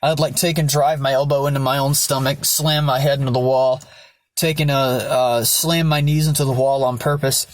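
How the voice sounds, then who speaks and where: A man's voice: mid-range voice, little pitch movement, moderate pace, no room sound. A young man telling his personal backstory in a candid vlog, blunt and rambling, with lots of swearing. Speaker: vlogger.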